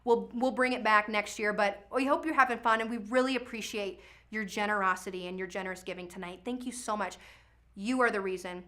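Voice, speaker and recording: A woman hosting a live virtual charity auction from a studio, chatty and energetic, calling out bidders' names and pushing for the next bid. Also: mid-range voice, fairly quick.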